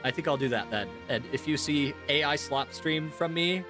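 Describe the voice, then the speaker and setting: A man's voice: on the high side, normal speed, over music. Easygoing man chatting on a stream. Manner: rambling, easygoing, talks to chat. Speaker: streamer and voice actor. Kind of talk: casual live-stream chat.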